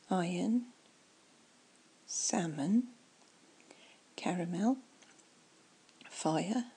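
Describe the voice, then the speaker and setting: A woman doing a whispered ASMR chat, soft and rambling as she muses aloud. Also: fairly low pitch, vocal fry, husky, low-quality recording.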